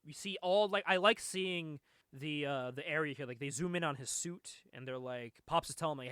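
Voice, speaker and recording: Bright-voiced young man, chatty and dry. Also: a little high, fairly quick, smooth, dry recording. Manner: laid-back, laughs often, loose retelling with many "like"s. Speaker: podcast co-host. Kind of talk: casual comic book review chat.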